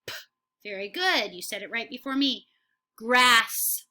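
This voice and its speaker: Slow, bright-voiced woman teaching phonics. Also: fairly high pitch, expressive. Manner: slow, encouraging, repeats words for pupils. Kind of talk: phonics lesson for young children.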